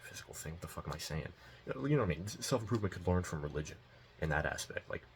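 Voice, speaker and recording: A man's voice: sits low, lively intonation, rapid-fire, a little hiss or hum. A young man telling a personal story in a casual, rambling and profane way, full of fillers, as a self-improvement vlogger. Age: young adult.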